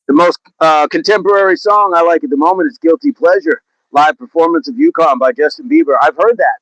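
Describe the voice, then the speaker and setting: Chatty guy on a livestream, kinda high voice, dry close mic, laughs a lot. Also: expressive, brisk, fairly bright tone, no room sound, poor audio. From Oklahoma. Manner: chatty, laughs often, slips into put-on accents. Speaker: livestream host. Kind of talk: casual livestream chat reading comments.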